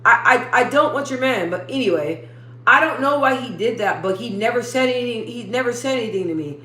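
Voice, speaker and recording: A young woman hosting a casual livestream, reading viewer comments and rambling in slangy asides. She lifts her speaking voice above her natural lower register. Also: expressive, a little fast, sharp tone, echoey room. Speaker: livestream host.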